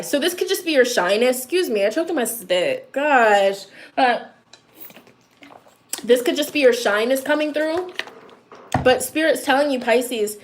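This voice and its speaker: High-pitched woman, tarot reader, casual direct-to-camera reading, repetitive and chatty. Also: background noise. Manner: direct, repetitive, addresses listeners as a sign; chatty asides, laughs at herself.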